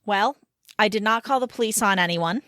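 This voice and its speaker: A woman in her thirties co-hosting a casual podcast, an animated storyteller who laughs mid-sentence. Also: mid-range voice, brisk, no echo, studio quality. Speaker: podcast co-host. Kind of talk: casual chat.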